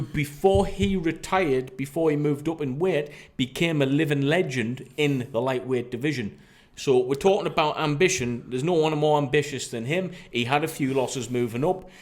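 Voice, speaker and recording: Guy on a boxing podcast, bit high voice, keeps throwing questions back. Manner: argumentative, pushes back with rhetorical questions. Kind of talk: casual debate.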